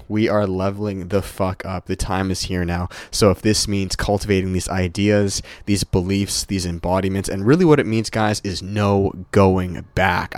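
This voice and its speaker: A man's voice: low-pitched, no echo. A young man hosting a solo podcast, giving a hyped, swearing motivational pep talk and sounding a little heated. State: a little heated, catching his breath. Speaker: podcast host.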